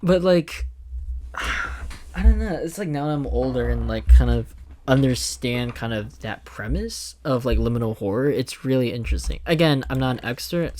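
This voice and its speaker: A man's voice: medium pitch, a little mellow, slight background noise. A young man talking casually while playing a survival game, rambling in loose thoughts and swearing when startled. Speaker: gaming video creator. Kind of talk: casual gameplay commentary.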